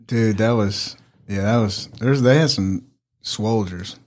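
A man's voice: lowish voice, slow. A man chiming in casually with blunt, profane remarks. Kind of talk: casual chat. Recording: distant from the mic.

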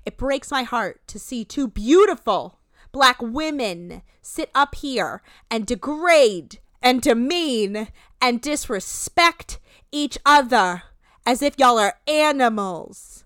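A woman reading out a stern middle-aged woman host scolding two guests, slow and loud. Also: fairly high pitch, expressive, dry recording, clean studio sound. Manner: slow, loud, preachy delivery. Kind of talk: dramatic reading of a quote.

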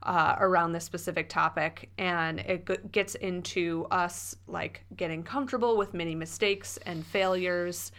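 A woman's voice: fairly low pitch, fairly even intonation, measured pace, hardly any pauses, a bit bright. A woman co-hosting a casual podcast, talking conversationally with frequent fillers. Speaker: podcast co-host. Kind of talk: casual chat.

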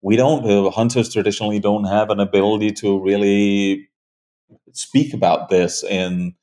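Deep-voiced man, earnest and halting. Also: fairly even intonation, dark tone. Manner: earnest, halting, many fillers and restarts. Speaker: hunting show creator, guest. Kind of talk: conversational interview.

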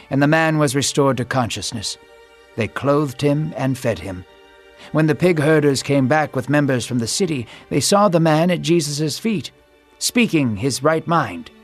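Guy telling a bible story dramatically, kinda higher voice, soft music behind. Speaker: narrator. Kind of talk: scripted storytelling narration.

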